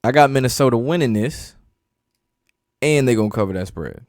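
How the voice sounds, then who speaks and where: A man's voice: mid-range voice, animated, normal speed, no echo, clean studio sound. A man casually hosting a sports picks chat, reading out each matchup and the betting line before giving his pick. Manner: laid-back, reads matchups and lines before giving picks.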